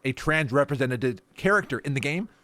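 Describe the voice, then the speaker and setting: A man's voice: medium pitch, lively intonation, a bit bright, no room sound. A man hosting a podcast, chatting casually and with enthusiasm, often restarting his sentences. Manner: enthusiastic, halting, many restarts. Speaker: podcast host. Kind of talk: casual chat.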